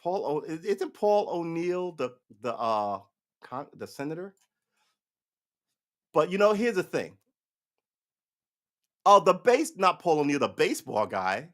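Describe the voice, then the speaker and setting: His voice sits on the high side, and he talks at a measured pace with long pauses. He's a man in his forties hosting a livestream, ranting casually and profanely with plenty of restarts.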